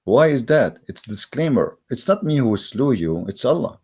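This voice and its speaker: A man's voice: medium pitch, sing-song, moderate pace, a little mellow, breathy edge. A man hosting his channel with a religious debate monologue, speaking in an emphatic, mocking way with frequent hesitations. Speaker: channel host. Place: Germany.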